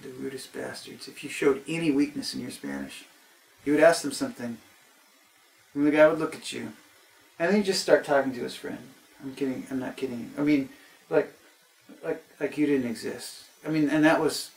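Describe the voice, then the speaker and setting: A man's voice: medium pitch, vocal fry, echoey room, far from the mic, low-quality recording. An American man telling a rambling comic travel story, often breaking off and restarting with exasperation. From United States.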